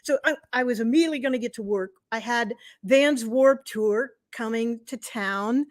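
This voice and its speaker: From her home, a middle-aged woman hosts a live stream, speaking into her webcam at normal speed. She tells her story chattily and animatedly, in a voice pitched a little high.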